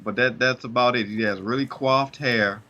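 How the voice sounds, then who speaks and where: Podcast co-host, man, sharp bright tone on a dull lo-fi mic, jokey and loose. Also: medium pitch, fairly even intonation, moderate pace. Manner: joking and loose, laughs between remarks. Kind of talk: casual chat.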